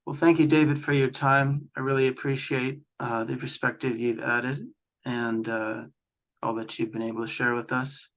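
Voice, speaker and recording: A man's voice: medium pitch, level tone, normal speed, a bit bright. A man hosting an interview, thoughtfully asking questions and thanking his guest. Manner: appreciative, thoughtful, a few fillers. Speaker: interview host.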